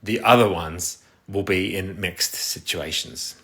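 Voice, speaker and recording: A man's voice: low-pitched, takes it slowly, bright, forceful tone. An English man chatting casually on a livestream, reading the comments and rambling with a self-deprecating humor. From England.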